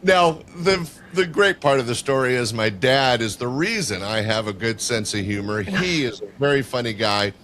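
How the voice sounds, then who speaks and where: A man's voice: mid-range voice, expressive, normal speed, few pauses, a bit bright, a little hiss or hum. Older guy yapping through a story, lots of ums and uhs, guest on a podcast. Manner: chatty, rambling with fillers. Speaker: guest, show producer. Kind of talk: casual storytelling in a podcast interview.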